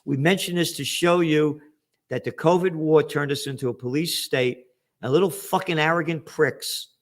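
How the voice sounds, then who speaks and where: A man's voice: on the high side, moderate pace. Combative profane man in his seventies, New York accent. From United States. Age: 70s. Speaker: host. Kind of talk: commentary monologue.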